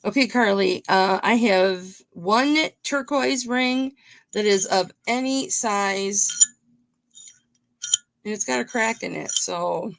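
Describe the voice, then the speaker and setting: A woman's voice: medium pitch, takes it slowly, vocal fry. A woman hosting a live-streamed jewelry auction, chatting casually with viewers by name as she shows and sells pieces.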